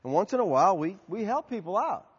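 A man's voice: high voice, quick pace, breathy edge. A man preaching as a pastor, answering a congregation's question and acting out conversations as he tells stories. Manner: animated storytelling, acting out both sides of dialogues. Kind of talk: sermon Q&A. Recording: dull sound, long hall reverb.

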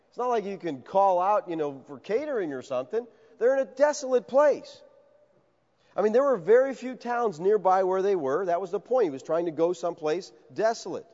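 A high-voiced, lively man preaching a conversational sermon and slipping into the voices of the people he quotes. His voice swings widely in pitch. The sound is a little dull, with a long reverb from a large hall. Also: fairly quick. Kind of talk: expository sermon.

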